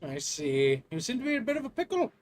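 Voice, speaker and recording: A man voicing a fussy, genteel old-fashioned male professor with a put-on posh accent, talking high and chirpy. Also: wildly swooping pitch, quick pace.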